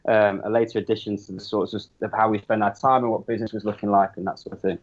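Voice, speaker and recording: This man rattles along quickly in a lowish voice, often stopping and restarting his sentences as he talks about his work. He's a guest on a casual podcast chat. The recording is dull and a bit lo-fi, as if the sound has been muffled. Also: flat delivery. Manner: rambling, restarts mid-sentence. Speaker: podcast guest, business co-founder.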